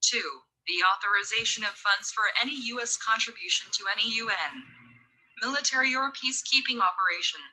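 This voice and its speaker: A text-to-speech woman's voice reading a bill summary in a flat, even manner. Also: medium pitch, husky, low-quality recording. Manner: flat, even synthetic delivery.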